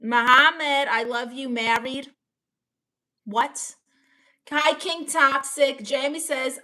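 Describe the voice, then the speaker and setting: A woman streamer chatting casually with her viewers, reading their comments out and teasing back. Her voice sits a touch high and sounds crisp and bright. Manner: playful, teasing, quick banter with chat. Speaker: live streamer.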